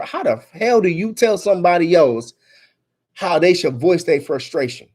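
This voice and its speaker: A man's voice: fairly high pitch, expressive, normal speed, slightly rough. A man reads a news story aloud and rants about it in an angry, emphatic voice full of swearing. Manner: angry, emphatic, swearing, rising to near-shouts. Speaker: vlogger commenting on news. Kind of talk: reading news aloud and ranting.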